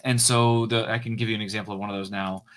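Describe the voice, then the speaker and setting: A man's voice: lowish voice, flat delivery, fast, a bit bright. A man walking viewers through his code on a live coding stream, casual and hesitant, with frequent fillers and restarts.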